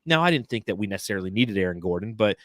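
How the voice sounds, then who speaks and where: Low-voiced guy on a sports podcast, dry close sound, acts out everybody in his stories. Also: very fast, no room sound. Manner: animated storyteller, acts out quotes. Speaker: podcast co-host. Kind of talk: casual sports chat.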